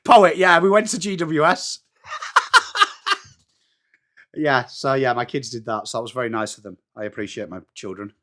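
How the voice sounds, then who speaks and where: A middle-aged man from England hosts a live football watchalong with an English accent, talking briskly in a steady, mid-range, fairly bright voice. He keeps it chatty, reading viewer messages, speaking to people by name and calling the play live.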